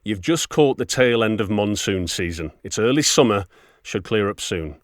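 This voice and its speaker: A man's voice: lowish voice, lively intonation, moderate pace, dry recording, studio quality, close to an everyday voice. A man doing a bored, sarcastic clerk. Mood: irritated. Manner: sarcastic, dismissive. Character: bored, irritable male immigration clerk.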